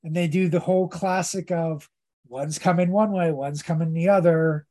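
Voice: medium pitch, fairly even intonation, normal speed, dark tone. A podcast host giving a casual, rambling recap of a comic story, hesitating often with fillers.

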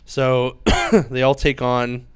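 A man's voice: mid-range voice, steady tone, takes it slowly, smooth, no room sound. A man casually and enthusiastically retelling a comic book's story on a chat show, full of "like" and "uh" fillers. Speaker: comic book podcast host.

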